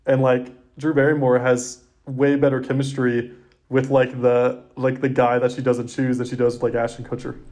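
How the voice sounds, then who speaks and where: Young dude rambling on a podcast, like every other word is like. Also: male voice, mid-range voice, completely flat delivery, moderate pace, darkish tone. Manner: rambling, heavy use of "like". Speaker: podcast co-host. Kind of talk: casual chat.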